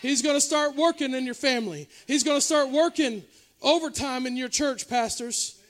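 A man with a very high-pitched voice preaches a revival sermon. He moves between loud, urgent exhortation and soft, confiding asides, talking straight to the congregation like a pastor among friends. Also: moderate pace. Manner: preaching with shifting loudness, from shouting highs to quiet confessional lows. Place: church revival service.

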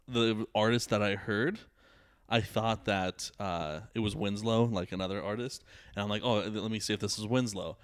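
Laid-back young man, low and dry. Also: smooth, no room sound. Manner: joking, rambling, quick bursts. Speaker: podcast co-host. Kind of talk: casual chat.

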